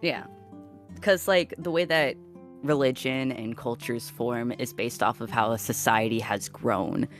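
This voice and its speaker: A woman's voice: a bass voice, measured pace, soft background music. A woman chatting as a guest on a streamed talk show, eager and talkative, laughing easily. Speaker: podcast guest.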